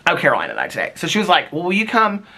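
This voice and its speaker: A man's voice: fairly high pitch, huge pitch swings, racing, creaky, sharp tone. A man vlogging casually from home on a handheld phone, rambling with lots of fillers and frequent laughter. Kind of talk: casual chat. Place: his home, indoors.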